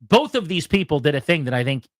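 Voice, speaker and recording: Animated man telling a story on air. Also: fast, dry recording, studio quality. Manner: animated storytelling, mimics others in a loud high voice. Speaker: sports radio host. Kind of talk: casual radio talk.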